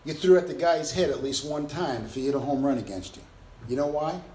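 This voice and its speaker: A man's voice: mid-range voice, brisk, dark tone, echoey room, a little hiss or hum. A male preacher delivering a sermon with emphatic bursts and acted-out sounds.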